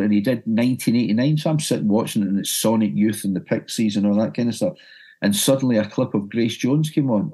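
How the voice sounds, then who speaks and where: A man's voice: lowish voice, dark tone, breathy edge. A middle-aged Glaswegian man, a music broadcaster, telling a story animatedly and stumbling over repeated words. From Scotland. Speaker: broadcaster and music journalist guest. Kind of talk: anecdotal storytelling.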